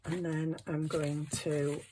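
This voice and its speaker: A woman's voice: low voice, level tone, slow pace, noisy background. A middle-aged woman, chatting to herself while crafting in a casual vlog, flustered and apologetic. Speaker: craft channel host.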